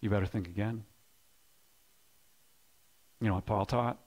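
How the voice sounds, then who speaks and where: A man preaching a sermon as pastor, swinging between loud emphatic bursts and hushed low lines, often repeating words as he builds a point. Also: fairly even intonation, unhurried. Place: church sanctuary.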